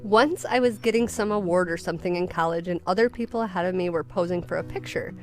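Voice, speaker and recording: A woman's voice: fairly low pitch, fast, soft background music. A woman co-hosting a podcast, reading listener stories aloud with amused giggles in a casual chat. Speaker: podcast co-host.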